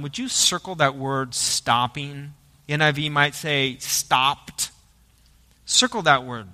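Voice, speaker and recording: Bright-voiced preacher in a reverberant hall. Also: male voice, on the high side. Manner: emphatic preaching, rises to loud dramatic quotes. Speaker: pastor. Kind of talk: sermon. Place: church sanctuary.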